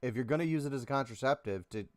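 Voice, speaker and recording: A man's voice: mid-range voice, racing, dry recording, clean studio sound. A man co-hosting a podcast in casual chat, speaking emphatically and provocatively as he rants. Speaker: podcast co-host.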